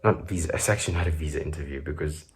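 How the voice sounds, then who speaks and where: A man's voice: very deep voice, very fast, husky. A South African man with a South African accent, hosting his podcast in loose, joking solo chat full of fillers. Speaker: podcast host.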